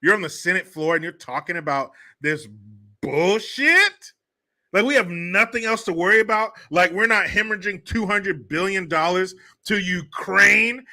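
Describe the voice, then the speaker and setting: A man's voice: high voice, moderate pace, pushed and bright. A man hosting a livestream of political commentary, ranting in a profane, mocking way. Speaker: host.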